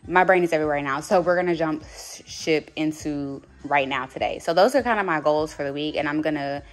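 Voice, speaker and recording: A woman in her late twenties vlogging casually at home, rambling and thinking out loud. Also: sits low, fairly quick. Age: late 20s. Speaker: vlogger and nail tech. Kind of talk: casual vlog chat.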